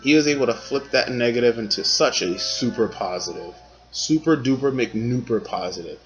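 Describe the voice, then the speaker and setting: A man's voice: mid-range voice, lively intonation, normal speed, faint music behind, low-quality recording. A man giving casual, rambling commentary on his favorite wrestlers, talking in slang and filling gaps with "like" and "um". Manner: laid-back, slangy, rambling with fillers.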